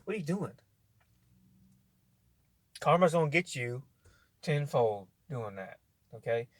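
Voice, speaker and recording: This vlogger speaks slowly in an animated mid-range voice, with no room sound in the recording. Ranting casually to camera, he's blunt, profane, and argumentative, rambling with many restarts and speaking directly to the listener.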